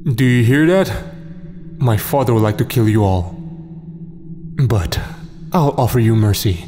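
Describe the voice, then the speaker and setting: A man voicing a cold, arrogant young male god who speaks in a calm, taunting way in a horror story. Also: mid-range voice, unhurried, slight background noise, lightly acted.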